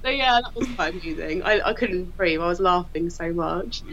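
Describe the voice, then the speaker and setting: Woman guest, lively storyteller, laughs a lot, voices quotes, slightly dull lo-fi sound. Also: on the low side, normal speed. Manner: animated, laughing storyteller who acts out quotes. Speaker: crime scene investigator guest. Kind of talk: casual anecdote telling.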